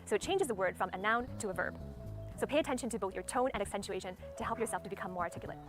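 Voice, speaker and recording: A woman coaching viewers on how to speak well, in a clearly enunciated teaching delivery. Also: mid-range voice, racing, over music. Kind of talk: instructional talk to camera.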